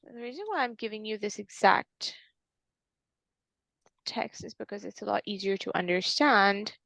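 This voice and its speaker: A woman's voice: mid-range voice, moderate pace, gravelly, a bit bright, no room sound. Woman tutor explaining stuff in a lesson, dry close sound, says um a lot. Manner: explanatory, uses fillers and restarts.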